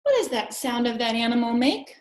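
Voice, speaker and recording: High, lively woman leading kids yoga. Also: a little hiss or hum. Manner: playful, animated, drawn-out phrasing. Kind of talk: sing-song guided kids yoga class. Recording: echoey room, voice from a distance.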